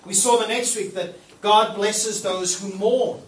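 Recorded from afar in an echoey church hall with faint noise, a pastor gives a sermon in a high voice. His tone is steady and his pace a little slow, yet he keeps things casual and playful, acting out the prayers he quotes.

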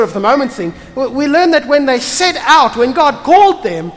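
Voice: high voice, big pitch swings, moderate pace, long reverb tail. A pastor preaching a sermon in a conversational, blunt and emphatic way, often tossing rhetorical questions to the congregation.

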